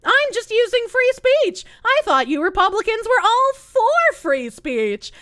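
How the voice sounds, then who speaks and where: A woman's voice: very high voice, very animated, unhurried, fairly bright tone, no echo, clean studio sound, pitched above the performer's own voice, exaggerated voice. A woman putting on a smug male online troll in a sneering, sing-song, sarcastic voice. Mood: mocking.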